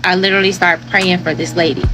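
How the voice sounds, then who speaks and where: A young adult woman, a teacher, animatedly retelling an incident in a storytime vlog, acting out the dialogue in a higher voice. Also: flat delivery, quick pace, over music.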